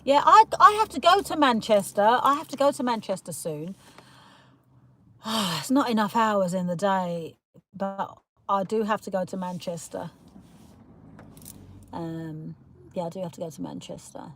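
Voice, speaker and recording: Medium-pitched and unhurried, with long pauses, a woman from Kent in the south of England talks casually with her live stream viewers from a parked car. She reads their comments, teases, laughs and calls them darling.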